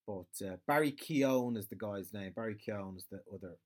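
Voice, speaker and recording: A man's voice: on the low side, a little fast. An Irish man with a rambling, sweary, off-the-cuff manner, chatting casually on his own as a podcast host. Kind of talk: casual solo chat.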